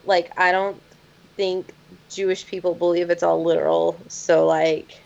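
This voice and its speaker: A woman talks bluntly in a casual podcast chat, swearing and filling her sentences with fillers. Her voice sits in a middle pitch. The recording sounds dull and lo-fi. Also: little pitch movement, a little slow, creaky.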